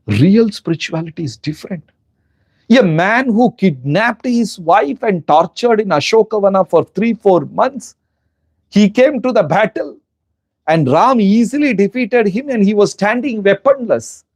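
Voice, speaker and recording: Indian man giving an animated spiritual lecture. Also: high voice, breathy edge, no echo. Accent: Indian English. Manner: animated storytelling, rhetorical questions to listeners. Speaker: spiritual teacher.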